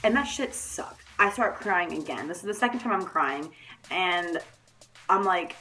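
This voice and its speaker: A young adult woman telling a story in a casual vlog, animated and swearing freely. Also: lowish voice, measured pace. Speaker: vlogger.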